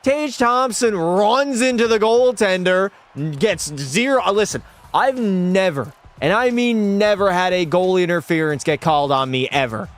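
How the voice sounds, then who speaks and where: A man's voice: sits high, animated, normal speed. Profane young male gaming streamer. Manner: profane, talks to chat, erupts into shouting rants. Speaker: streamer playing a hockey video game. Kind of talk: casual gaming livestream commentary.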